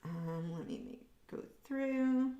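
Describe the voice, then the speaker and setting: This woman artist's voice sits fairly low, warm in tone and very animated, though she speaks slowly. She rambles frankly and opinionatedly while painting on a livestream, full of ums and likes, and the echoey recording has its highs cut off plus a faint hiss or hum.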